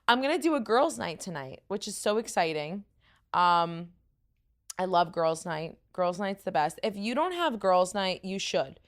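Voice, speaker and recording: A woman's voice: lowish voice, big pitch swings, a little slow. A young woman with a New York accent, hosting a casual podcast, tired and rambling, laughing often. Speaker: podcast host. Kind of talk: casual chat.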